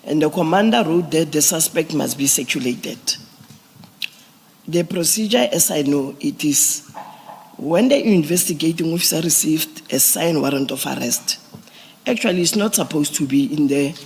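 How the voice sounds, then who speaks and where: A man giving formal testimony to a commission, explaining police procedure step by step with halting restarts. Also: on the high side, lively intonation, gravelly, darkish tone, slight background noise. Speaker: police witness at a commission hearing. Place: large hearing room. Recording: echoey hearing room.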